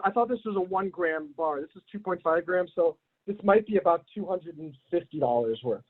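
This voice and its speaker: A man with a notably high voice hosts a casual online group meeting. He rambles a little and hands out blunt advice. The audio comes through thin and tinny, like a phone line. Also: lively intonation, a little fast. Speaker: host of online community meeting. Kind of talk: casual group video call.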